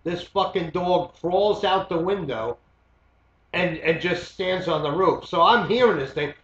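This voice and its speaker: A man's voice: high-pitched, expressive, measured pace, fairly bright tone. A man, hosting a show and telling a story in a rambling, profane way, full of "uh" and "you know". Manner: rambling, profane, many fillers. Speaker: host. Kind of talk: casual storytelling monologue. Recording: echoey muffled lo-fi home recording.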